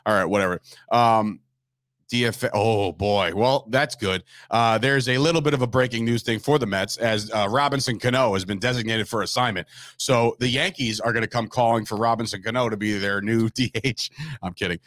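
A man's voice: fairly low pitch, fairly quick, a bit bright, no room sound, studio quality. A man co-hosting a casual sports chat, joking around and trailing off with fillers. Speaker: podcast co-host.

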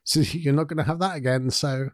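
A man's voice: fairly high pitch, steady tone, brisk, no room sound, clean studio sound. A man hosting a podcast, explaining ideas in a loose, conversational way with restarts and asides. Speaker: podcast host. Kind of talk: casual explanatory monologue.

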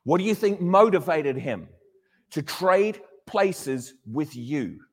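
A man preaching a sermon to a congregation, animated and questioning his listeners, often acting out little dialogues. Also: a little high, slow, slightly rough, in a large hall.

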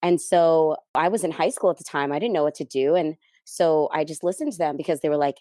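A woman's voice: deep voice, brisk, mellow, no room sound, clean studio sound. A woman from the United States, a guest on an interview podcast, telling a personal story in a candid, easygoing way. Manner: candid and easygoing, laughs lightly. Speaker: interview guest, event planner.

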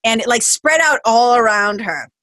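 A woman podcast host telling a personal story in a casual, animated way, full of "like" and the odd swear word. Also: fairly high pitch, moderate pace, no echo.

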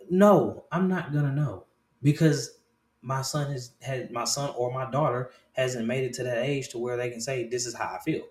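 A man in his thirties hosting a casual talk show. He swears freely, restarts and repeats phrases, and swings between low murmurs and loud excited bursts. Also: roomy sound. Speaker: podcast host.

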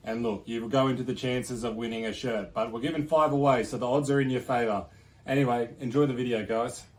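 A man's voice: mid-range voice, fast talker. A man hosting a casual interview, joking and laughing often. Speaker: host.

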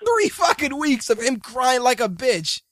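A man's voice: very high-pitched, very animated, unhurried, fairly bright tone, no room sound, studio quality. A man hosting a podcast, ranting in profane casual banter. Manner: ranting, swearing, mocking. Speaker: podcast host.

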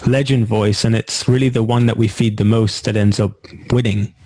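A man hosting a podcast interview, talking in an animated, emphatic way and often saying "like". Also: fairly low pitch, normal speed. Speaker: podcast host. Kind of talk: casual interview conversation.

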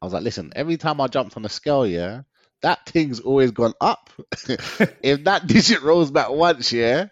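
Guy, young, animated storyteller, lots of slang and laughs; dull dry lo-fi sound. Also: mid-range voice, normal speed, dry recording. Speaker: guest. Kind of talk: casual storytelling interview.

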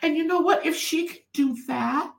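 A woman's voice: high voice, normal speed, vocal fry, far from the mic, pitched above the performer's own voice. A woman voicing a tearful waiting-room patient. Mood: distraught. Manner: upset, pleading.

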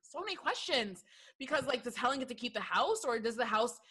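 Woman co-host for a movie chat podcast, bright voice, lively and quick to laugh. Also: on the high side, breathy edge. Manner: animated, laughs often, acts out movie lines. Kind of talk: casual movie review chat.

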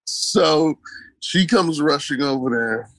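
A man's voice: on the high side, expressive, takes it slowly, a bit bright, dry recording. A man telling his own story in an interview, casual and colloquial, repeating key phrases for emphasis. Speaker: interview guest. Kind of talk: personal storytelling in conversation.

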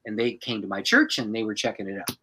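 A man who is a pastor, an animated storyteller who laughs often as a guest on a podcast. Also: lowish voice, fast, low-quality recording.

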